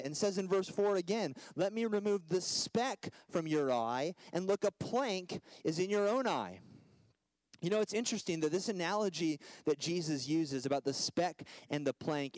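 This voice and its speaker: A man in his thirties preaching a sermon as a guest speaker, swinging between loud emphatic lines and soft hushed ones. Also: a little high, dry recording, low-quality recording.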